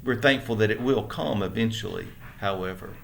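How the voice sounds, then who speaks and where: A man's voice: lowish voice, brisk, gravelly, fairly bright tone, a little hiss or hum. Earnest Southern man teaching Bible. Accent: Southern American. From American South. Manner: earnest, conversational, with many restarts; asks listeners rhetorical questions. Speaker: church teacher. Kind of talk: Bible lesson.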